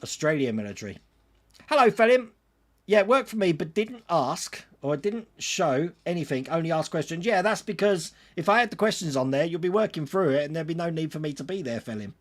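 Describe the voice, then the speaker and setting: A man's voice: on the high side, animated, brisk, hardly any pauses. A man hosting a casual livestream, reading out viewer comments and answering them in a chatty way. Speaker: livestream host answering chat.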